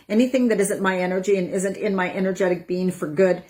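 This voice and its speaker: A woman over forty, a wellness coach, talking casually to her viewers, chatty and acting out her own inner voices with breathy sighs. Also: medium pitch, steady tone, fast talker, darkish tone. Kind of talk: casual talk to camera.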